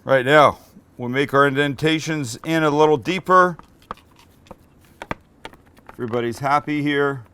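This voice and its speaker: A man hosting a cooking show, walking through a recipe in a relaxed, joking way and bantering with the crew behind the camera. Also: a little high, measured pace, pauses often, slight background noise. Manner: chatty, joking, teases his crew. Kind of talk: casual cooking demonstration.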